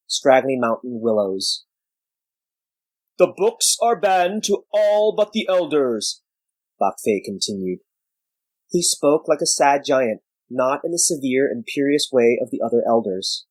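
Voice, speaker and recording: A man giving measured scripted narration of a story. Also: mid-range voice, darkish tone, no room sound, low-quality recording.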